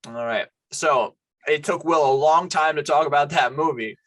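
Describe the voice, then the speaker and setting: A young man with a voice pitched a little high chats casually as a podcast co-host. His remarks come short, relaxed and dry. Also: normal speed, low-quality recording. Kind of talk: casual chat.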